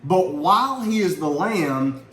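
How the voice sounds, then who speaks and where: Middle-aged man, slightly high voice, earnest family Bible teacher, echoey room with faint ambience. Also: lively intonation, a little slow, fairly bright tone, a little hiss or hum. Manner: earnest and conversational, asks questions. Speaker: father teaching a Bible lesson.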